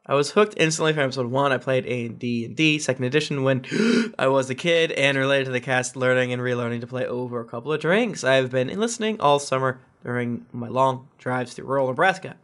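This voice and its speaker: A man's voice: mid-range voice, a little fast, few pauses, fairly bright tone. A man hosting a podcast, reading listener reviews aloud with joking asides. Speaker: podcast host.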